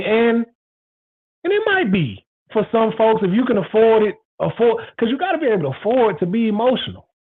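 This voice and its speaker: High-voiced man with tinny phone-like sound. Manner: rambling, repetitive, frank and emphatic. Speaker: show host. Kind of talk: casual monologue.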